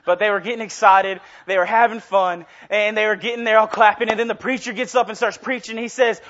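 A man's voice: sits high, steady tone, fairly quick, hardly any pauses, sharp tone. A young man giving an informal sermon as a guest preacher, casual and self-deprecating, rambling and often restarting his sentences. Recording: dull lo-fi recording.

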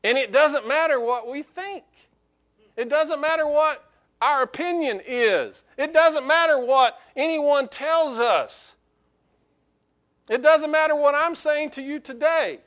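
A man with a strikingly high voice preaches at an unhurried pace, drawing the congregation in with jokes and calls for response. The recording sounds dull and lo-fi. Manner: lively, joking with the congregation. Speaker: pastor. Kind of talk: sermon. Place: church.

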